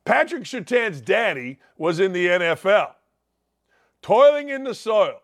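Brash high-voiced man ranting about sports. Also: very animated, a little slow, a bit bright. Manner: brash, sarcastic rants with big pitch swings. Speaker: sports talk show host. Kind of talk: opinionated sports monologue.

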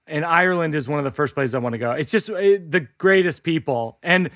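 A man's voice: a little high, brisk, a bit bright, no room sound, studio quality. A man hosting a podcast in casual chat, telling a joke aloud and breaking into laughter as he goes. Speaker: podcast host.

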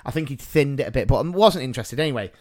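A man's voice: mid-range voice, very fast. A man co-hosting a podcast, telling a story in a casual, self-mocking way and often laughing. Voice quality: animated, self-mocking, laughs through his stories. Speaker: podcast co-host.

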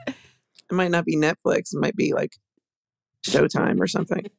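A woman's voice: low-pitched, fairly even intonation, moderate pace, vocal fry, husky, no echo. Woman, podcast guest, groggy morning voice, joking storyteller.

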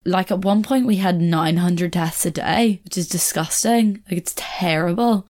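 Young female podcast host, somewhat low-pitched, loose chatty delivery that wanders and second-guesses itself. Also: measured pace, darkish tone. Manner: rambling, chatty, corrects herself, laughs often. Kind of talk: casual solo podcast chat.

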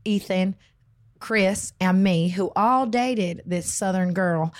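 A woman's voice: mid-range voice, slow, no room sound. A young woman hosting a podcast in casual chat, laughing often and swearing freely. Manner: laughs often, swears, talks over others. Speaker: podcast host.

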